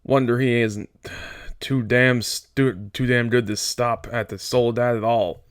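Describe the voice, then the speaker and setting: A man voicing a small, irritable male ranch hand who scolds in a gruff, exasperated way. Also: medium pitch, moderate pace, no echo, studio quality, close to an everyday voice. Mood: scolding.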